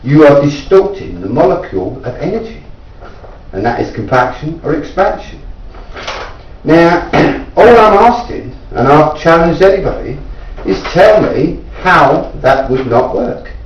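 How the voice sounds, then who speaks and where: A man from England, a self-taught inventor, earnestly explaining his device and insistently challenging viewers to prove it wrong, rising in pitch as he pleads. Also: sing-song, measured pace, slight background noise. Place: indoors at home. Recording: echoey room, distant mic, dull lo-fi sound.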